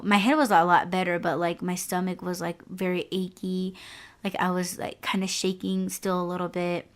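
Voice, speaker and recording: A young woman hosts her own podcast and talks through a personal story in casual, unfiltered chat. Her voice sits a little low for a woman and comes across smooth and clear. She is frank and candid, leaning on "like" and "you know" as she goes. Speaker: podcast host.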